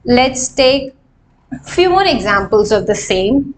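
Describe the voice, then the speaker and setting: A young woman with an Indian English accent teaching grammar in a live online class, explaining slowly and asking the class rhetorical questions. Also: a little high, big pitch swings, a little hiss or hum.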